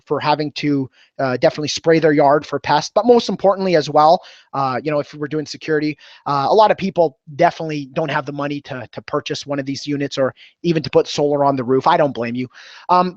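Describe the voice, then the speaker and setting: A man's voice: high voice, no echo. A man coaching door-to-door salespeople, talking energetically and acting out short dialogues with customers. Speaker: sales trainer. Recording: dry, slightly dull recording.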